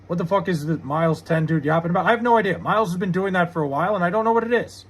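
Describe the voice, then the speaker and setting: A young man live-streams and argues hotly with his chat, swearing freely as he makes his case. His voice sits high for a man and has a husky edge. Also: rapid-fire. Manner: heated, argumentative, swears a lot.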